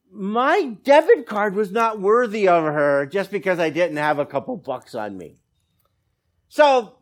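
Pastor guy preaching, pretty high voice that jumps all over, jokes at his own expense. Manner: animated, self-deprecating humor. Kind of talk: sermon with personal anecdotes.

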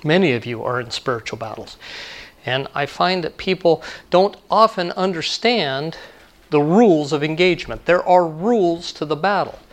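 A man's voice: a little high, expressive, moderate pace. Man preaching a conversational sermon. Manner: conversational preaching, repeats key lines for emphasis. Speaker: pastor.

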